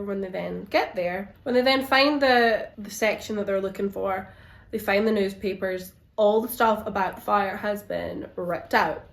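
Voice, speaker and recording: A woman giving a casual, animated book review, exasperated as she retells the plot. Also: medium pitch. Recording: roomy echo.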